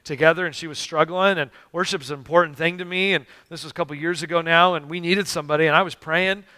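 Bright-voiced male pastor preaching. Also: fairly high pitch, fairly even intonation, quick pace, no echo. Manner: storytelling with acted-out dialogue, earnest and emphatic. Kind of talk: sermon. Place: church sanctuary.

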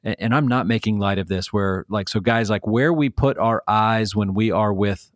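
A man with a somewhat low voice co-hosts a podcast, backing up his partner with steady affirmations. He talks in an encouraging way and sometimes trails off and starts his thought again. The sound is dry and close to the mic. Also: normal speed, dry recording. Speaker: podcast co-host. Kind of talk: casual conversational podcast.

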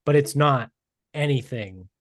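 A man's voice: mid-range voice, a little slow, dry recording, clean studio sound. A young man co-hosting a casual podcast, rambling with lots of fillers and some swearing. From Massachusetts. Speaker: podcast co-host. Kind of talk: casual chat.

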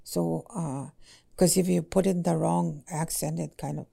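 Slow, gravelly, low-voiced woman teacher. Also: fairly even intonation, mellow. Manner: halting, many fillers and "eh?" tags. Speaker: Ojibwe language teacher. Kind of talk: casual podcast conversation.

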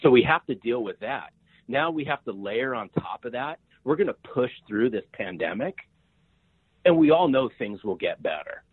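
Over a dry, tinny phone-line connection, this man in his fifties, a sales author on a podcast, speaks at a moderate pace in a mid-range, breathy voice with big pitch swings. His interview talk is energetic and emphatic, with repeated words and frequent "right?"s.

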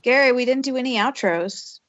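Higher-voiced woman co-host, dry lo-fi sound. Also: a little fast, no room sound. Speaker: podcast co-host. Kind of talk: casual chat. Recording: dull, lo-fi sound.

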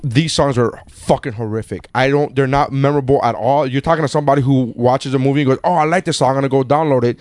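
A man's voice: mid-range voice, fast talker, hardly any pauses, no room sound. A man co-hosting a casual movie-review chat, swearing freely and repeating himself as he argues. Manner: profane, animated, repeats himself. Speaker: podcast co-host.

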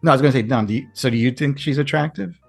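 A man chatting casually on a podcast in a quick, joking, coy way. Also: mid-range voice, vocal fry, husky, dry recording, faint music behind. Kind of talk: casual chat.

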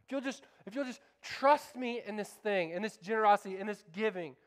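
Pastor, male, higher-pitched voice, fervent call-and-response sermon delivery. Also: fairly quick.

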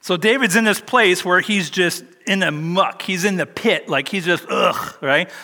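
A man's voice: high voice, measured pace, pushed and bright, long reverb tail. An older man preaching a sermon, telling a personal story in a chatty, self-deprecating way. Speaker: pastor.

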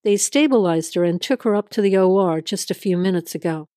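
A calm, official male police officer delivers facts plainly in an audio drama, as a woman reads him. The voice stays mid-pitched with a dry, close sound. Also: brisk, dry recording, lightly acted. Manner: calm, matter-of-fact.

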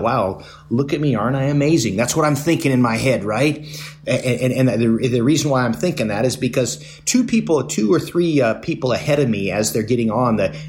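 A middle-aged man hosting a podcast, telling personal stories in a casual, rambling way, with lots of fillers and restarts and a self-mocking tone. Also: fairly low pitch. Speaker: podcast host. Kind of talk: casual storytelling monologue.

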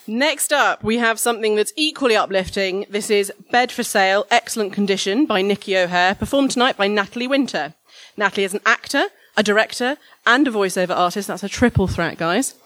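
A woman's voice: mid-range voice, fairly quick, fairly bright tone, no room sound. A woman compering a live horror show on a theatre stage, introducing acts with joking, wry asides.

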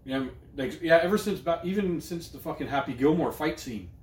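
A man's voice: fairly high pitch, lively intonation, fairly quick. A young man co-hosting a podcast, telling stories in a loose, profane, joking casual chat. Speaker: podcast co-host. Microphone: studio microphone. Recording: roomy room echo.

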